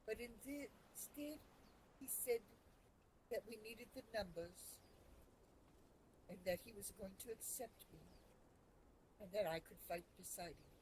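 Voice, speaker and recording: A woman telling her character's story in character, emotional and halting, with restarts when feelings rise. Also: mid-range voice, darkish tone, a little hiss or hum, poor audio. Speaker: roleplay player.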